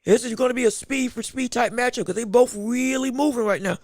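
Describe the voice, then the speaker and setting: A man hosting a live podcast, giving rapid round-by-round boxing commentary with excited outbursts. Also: very high voice, gravelly, dry recording, clean studio sound. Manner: rapid play-by-play, excited outbursts, talks to the chat. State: hiccups.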